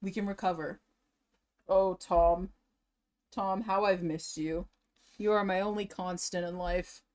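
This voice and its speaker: A woman's voice: lowish voice, steady tone, a little slow, a little mellow. A woman streaming and chatting casually, tired and drained, rambling with emotional swings and nervous laughs. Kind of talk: casual livestream chat.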